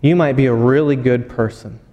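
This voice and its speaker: A man's voice: medium pitch, a little fast, dark tone, lo-fi sound. A man in his thirties giving a sermon, earnest and personal, often restarting his phrases. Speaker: pastor. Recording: hall with long reverb.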